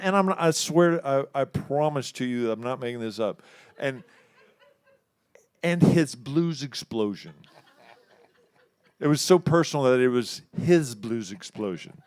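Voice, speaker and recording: Houston guitar man, casual raconteur, smooth dry voice, mid pitch. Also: a little slow, no room sound. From Houston, Texas. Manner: animated, acts out quoted voices, laughs often. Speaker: musician telling a story. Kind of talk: casual storytelling. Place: live studio show.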